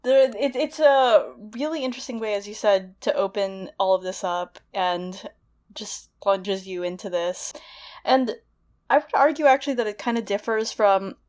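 A young woman talks through a literary analysis in a casual, thoughtful way. She explains as she goes, circling back with fillers and restarts. Her pitch sits in the middle of the range for a woman. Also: normal speed, darkish tone. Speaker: podcast co-host discussing literature.

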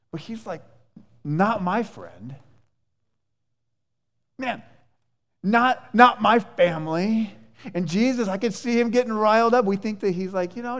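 A male pastor preaching a sermon in a conversational, animated way, with many restarts and fillers. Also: sits high. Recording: echoey church hall.

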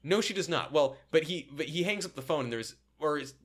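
A man's voice: on the high side, brisk. A man co-hosting a podcast, retelling an episode in casual chat with many restarts. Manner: animated storyteller, stumbles and restarts. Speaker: podcast co-host.

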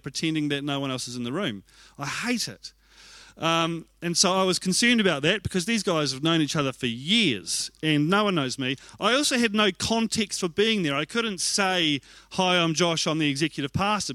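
A male pastor preaches through personal, self-mocking stories. His voice sits high and bright. He speaks candidly, and the dry, close sound keeps him right in your ear. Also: no room sound. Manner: animated, self-mocking storytelling; candid and confessional. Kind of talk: sermon with personal storytelling.

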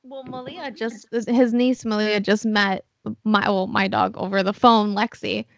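Gravelly-voiced woman, casual guest. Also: mid-range voice, a little slow. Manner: relaxed, hesitant with fillers, casual swearing. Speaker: podcast guest. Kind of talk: casual chat.

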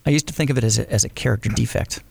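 A man with a mid-pitched, gravelly voice thinks out loud in a casual co-host conversation. He often chimes in with quick yeses. The recording is close and dry. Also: no echo. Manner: reflective, frequent quick agreement. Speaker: podcast co-host. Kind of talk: casual conversation about creative work.

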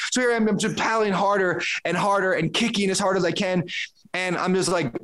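A man's voice: on the high side, fast, fairly bright tone. A man, a podcast guest, telling a casual story in conversation, acting out his own thoughts with frequent restarts.

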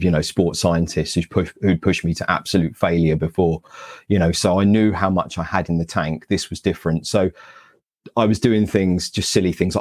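A man's voice: low voice, darkish tone, husky. A man with a British accent telling his story animatedly in an interview, acting out past conversations in a self-deprecating way. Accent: British English. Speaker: guest speaker, Paralympian.

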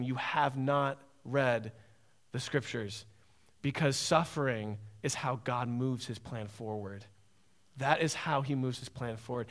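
A man's voice: mid-range voice, a bit bright. A man preaching a sermon, emphatic and repetitive, often asking "right?".

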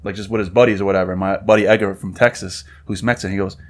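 A man's voice: low voice, fairly even intonation, very fast. A man from New York hosting a podcast, telling stories casually and acting out what people said. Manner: storytelling, acts out quotes. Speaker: podcast host.

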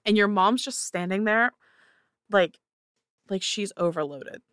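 A woman's voice: mid-range voice, unhurried, a bit bright, clear, resonant tone, no echo, studio quality. A woman narrating a tabletop game as game master in a casual, descriptive way. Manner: casual, descriptive, many fillers.

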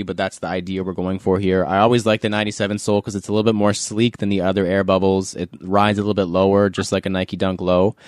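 Male podcast host, jokey and quick to laugh, dry close mic. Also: low voice, no echo. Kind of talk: casual podcast chat.

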